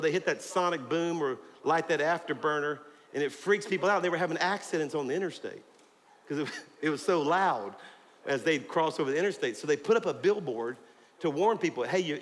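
A middle-aged man, preaching a sermon in a fired-up way, rising to shouts. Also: fairly high pitch. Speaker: pastor. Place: large church auditorium. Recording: hall reverb with faint crowd and noise. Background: congregation.

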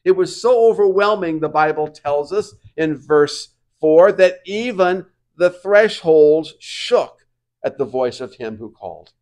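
Pastor, man, fairly high voice, preaches in surges from hushed to booming. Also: lively intonation, unhurried. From United States. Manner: swings from quiet reflection to loud emphatic preaching. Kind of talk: sermon.

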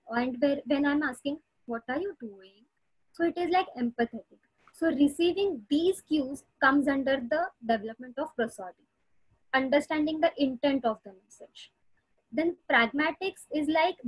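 A woman's voice: sits high, dry recording, poor audio. A woman explaining a topic in a webinar over a video call, with frequent "uh" hesitations. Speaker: audiologist speaker.

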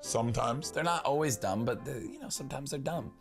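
A young man giving casual comedic commentary as a YouTuber, excitable, swearing freely and laughing often. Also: medium pitch, fairly quick, gravelly, faint music behind. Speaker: YouTuber reacting to online posts.

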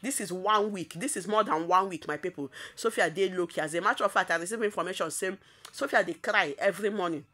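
Animated Nigerian woman gossiping. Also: on the low side, fast talker, a little hiss or hum. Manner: emphatic and repetitive, often laughing. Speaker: celebrity gossip vlogger. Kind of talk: casual gossip commentary.

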